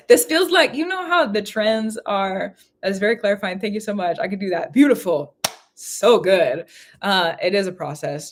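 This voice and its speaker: A woman giving a live spiritual reading in casual chat, who laughs often and repeats phrases. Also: medium pitch. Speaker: spiritual reader.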